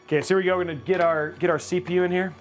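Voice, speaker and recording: A man hosting a live stream while building a gaming PC, chatting casually with viewers and breaking into loud mock-rage outbursts. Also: high voice, rapid-fire, soft background music. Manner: excitable, reads chat aloud, loud outbursts of mock rage. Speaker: livestream host building a gaming PC.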